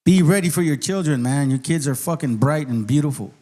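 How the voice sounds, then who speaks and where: Casting: male channel host, slightly high voice, blunt and foul-mouthed, street slang. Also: lively intonation, fairly quick, mellow. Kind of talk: profane casual commentary.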